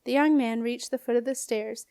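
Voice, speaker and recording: A woman narrates a storybook in an expressive reading voice. Her voice sits fairly high, and the recording is close and dry with no room echo. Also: moderate pace, clean tone. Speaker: audiobook reader. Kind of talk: scripted narration.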